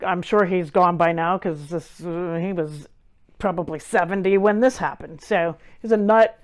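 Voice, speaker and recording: A woman's voice: fairly low pitch, moderate pace. A woman in her forties hosting a show, telling a personal story with wry, self-deprecating humor. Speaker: host. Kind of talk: casual storytelling monologue.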